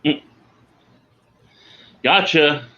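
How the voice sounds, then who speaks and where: A man's voice: on the high side, extremely slow, bright, forceful tone, highs cut off. A man chatting casually as a podcast guest, self-mocking and laughing while he talks. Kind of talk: casual chat.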